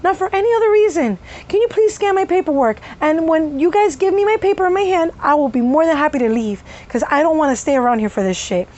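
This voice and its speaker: A woman's voice: high-pitched, expressive, quick pace, hardly any pauses, darkish tone, lo-fi sound. A woman telling a casual story-time vlog, swearing a lot and breaking off with sudden vocal tic outbursts.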